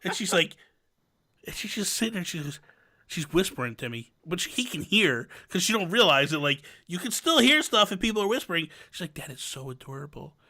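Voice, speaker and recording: A fast-talking podcast host in his thirties, his voice sitting high, chats casually. He brings his stories to life by acting out what people said.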